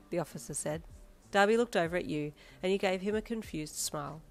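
A woman narrating a second-person fanfiction story with dramatic, expressive delivery. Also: on the low side, fairly quick, vocal fry, few pauses.

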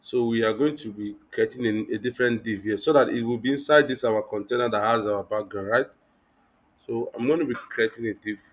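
Halting man teaching code. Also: medium pitch, dull audio. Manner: halting, thinks aloud with many restarts and fillers. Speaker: web development instructor. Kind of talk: live online coding class.

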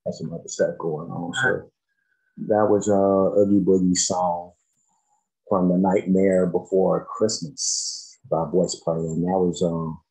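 A man's voice: low voice, little pitch movement, a little slow, gravelly, a little mellow, faint music behind, low-quality recording. A man giving laid-back, slangy reaction commentary on a song. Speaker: music reaction host.

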